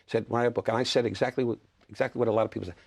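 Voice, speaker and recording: A man's voice: fairly low pitch, steady tone, racing, creaky, darkish tone. An older man from New York, a chatty guest telling stories with restarts and repeats in a talk-show interview. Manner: chatty storyteller, restarts and repeats, acts out quotes.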